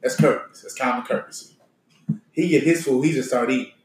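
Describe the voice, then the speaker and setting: A man telling a story in casual chat with friends, animated and laughing as he goes. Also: mid-range voice, fairly quick. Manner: animated, laughing, mimics others' voices. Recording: echoey room.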